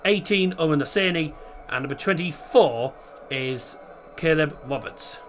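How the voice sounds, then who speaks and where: A man with a Teesside accent hosting a live football watchalong, chatting easygoingly with ums and restarts, and reading team lineups in a steady list. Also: fairly high pitch, unhurried. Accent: Teesside English. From Middlesbrough, England. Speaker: watchalong host.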